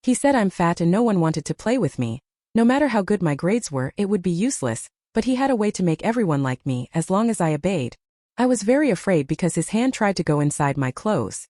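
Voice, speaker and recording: A woman's voice: fairly low pitch, very animated, fairly quick, warm tone, no room sound, clean studio sound. A woman voicing a shy, frightened schoolgirl who speaks in a trembling voice. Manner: trembling, nervous.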